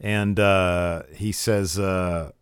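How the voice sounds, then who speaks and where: A man talks through a wrestling recap in casual chat, full of "uh" and "um". His voice is smooth and clear. The sound is dry and close, with no room in it. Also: low voice, steady tone, extremely slow, dry recording. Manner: retells events with many fillers, acts out quotes. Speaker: podcast co-host recapping wrestling.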